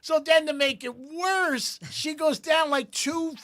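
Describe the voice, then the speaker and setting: A very high-pitched man takes it slowly as he co-hosts a radio show, with no echo in the audio. Telling family stories casually, he animatedly acts out the people he quotes in a raised voice.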